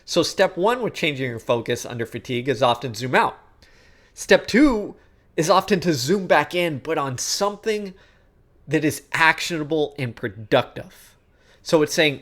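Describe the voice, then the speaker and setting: A man with a slightly raised pitch gives an instructional talk on sports psychology. He speaks conversationally and keeps checking in with the listener along the way. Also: expressive, normal speed, fairly bright tone. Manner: conversational, checks in with frequent "okay?" and "guess what?"; acts out inner thoughts in quoted asides. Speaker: coach.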